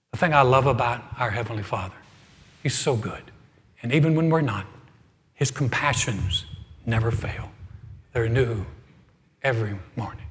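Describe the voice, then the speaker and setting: A middle-aged man preaching as pastor, telling a humorous story with animated swings from loud to soft. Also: mid-range voice, normal speed, pauses often. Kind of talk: humorous sermon. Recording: hall reverb.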